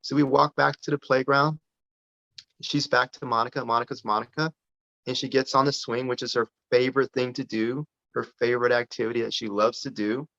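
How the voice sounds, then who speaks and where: A man telling a personal story as a guest on a podcast interview, lively and full of restarts. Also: medium pitch, a little fast, creaky. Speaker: podcast guest, parent advocate. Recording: dull lo-fi sound.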